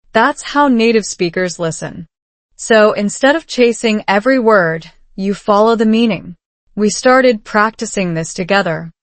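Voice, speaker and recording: A woman giving calm, measured scripted narration of a story for English learners. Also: medium pitch, no room sound.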